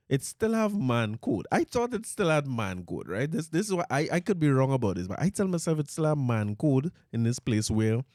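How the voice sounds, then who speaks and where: A man's voice: medium pitch, darkish tone, no room sound. A middle-aged man with a Trinidadian accent, hosting a podcast in a studio, telling rambling stories and laughing often. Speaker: podcast host. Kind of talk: casual comedic monologue.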